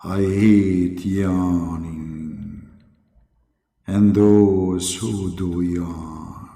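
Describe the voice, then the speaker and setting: A man doing a slow, deep, mock-solemn deity. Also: mellow. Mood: droning. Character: solemn, deep-voiced divine figure, slow and grave.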